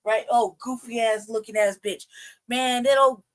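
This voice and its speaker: A woman with a somewhat high voice delivers a profane, heated livestream rant. She repeats herself and keeps trying to calm down mid-flow. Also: normal speed. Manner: profane, heated, repetitive ranting. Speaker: livestream host. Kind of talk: ranting commentary livestream.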